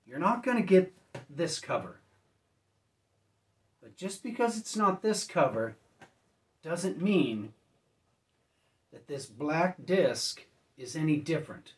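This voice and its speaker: A man casually reviewing discs at home, rambling and correcting himself, often clearing his throat as if he just woke up. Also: a little high, very animated, slow pace, pauses often, distant mic. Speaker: disc reviewer.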